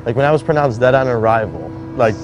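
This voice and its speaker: A man of middle pitch tells his survival story in a loose, conversational way, peppering it with "like." Background music plays underneath his voice. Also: expressive, quick pace. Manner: conversational, heavy use of "like", acts out quoted voices. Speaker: interviewee recounting surviving a shooting. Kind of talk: casual first-person storytelling.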